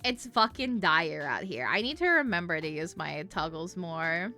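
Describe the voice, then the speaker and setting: A woman's voice: fairly low pitch, lively intonation, normal speed, pushed and bright, soft background music. A woman streamer chatting casually, giggling often and swearing freely.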